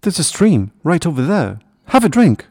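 A small grey sparrow boasts in a thin, raised voice, put on by a man reading a storybook. He sounds proud and certain. His pitch bounces, and the sound is close and dry. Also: big pitch swings, moderate pace, a little mellow, husky, no echo, exaggerated voice. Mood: confident. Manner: puffed-up and confident.

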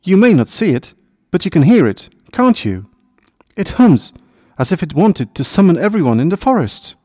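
A man's voice: high voice, very animated, normal speed, darkish tone, no room sound, clean studio sound, pitched above the performer's own voice. A man voicing a small, proud male sparrow with a thin voice who speaks with puffed-up confidence. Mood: confident.

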